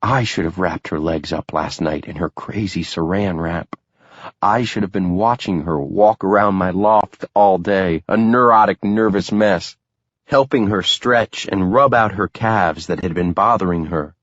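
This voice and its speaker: A man narrating an audiobook in the first person, relaxed and conversational. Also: low voice, unhurried, dry recording, lo-fi sound.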